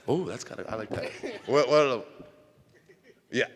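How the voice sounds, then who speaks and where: A man's voice: mid-range voice, unhurried, long pauses. A man answering audience questions on stage at a convention panel, teasing and laughing often. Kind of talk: lively Q&A with an audience. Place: large convention hall. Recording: echoey convention hall.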